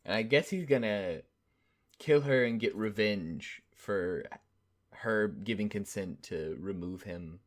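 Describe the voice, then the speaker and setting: A man's voice: on the low side, slow. A man co-hosting a casual movie review podcast, recapping the plot in a laid-back, dry way. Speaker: podcast co-host. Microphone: edits the recording himself.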